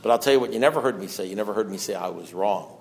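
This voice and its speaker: A middle-aged man giving a twelve-step recovery testimony, talking in a loose conversational way with lots of fillers, dropping low and hushed, then rising to loud, raised outbursts. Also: rapid-fire, creaky. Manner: conversational, fillers like "you know" and "deal", mimics voices. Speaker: recovering alcoholic sharing at a meeting.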